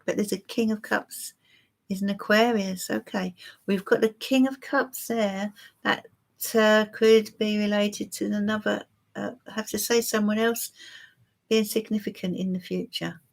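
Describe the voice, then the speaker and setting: A woman's voice: medium pitch, level tone, measured pace, creaky. A woman giving a live-stream tarot reading for viewers, musing and hesitant with many fillers. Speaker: tarot reader.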